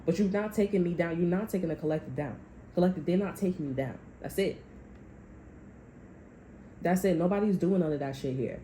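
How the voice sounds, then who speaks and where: A woman with a low, mellow voice gives a casual tarot reading, blunt and full of profanity as she talks straight at her viewers. The sound bounces around a roomy space, with faint ambient noise behind her. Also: fast talker. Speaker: tarot reader. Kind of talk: casual spiritual reading monologue.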